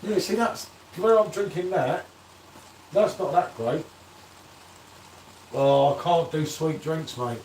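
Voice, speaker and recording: A man's voice: a little high, slow pace, pauses often, darkish tone, a little hiss or hum. A man hosting a casual live beer-review stream, bantering and reading out viewer comments. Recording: echoey room, distant from the mic.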